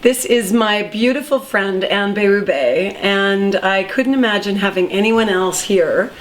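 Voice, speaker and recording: A woman's voice: medium pitch, a little slow. Chatty woman hosting a talk show. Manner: warm storytelling, animated quoting. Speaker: podcast host. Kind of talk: casual interview chat.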